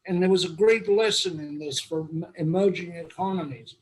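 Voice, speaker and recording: A man's voice: high-pitched, moderate pace, low-quality recording. Older English man telling wry stories. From England. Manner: wry, humorous raconteur. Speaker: host. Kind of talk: anecdotal storytelling.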